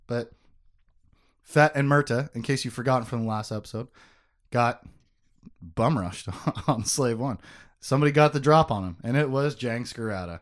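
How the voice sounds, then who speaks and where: A man hosting a casual book-discussion podcast, recapping the story with jokes and quick asides. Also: medium pitch. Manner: animated, joking, quick asides. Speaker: podcast host.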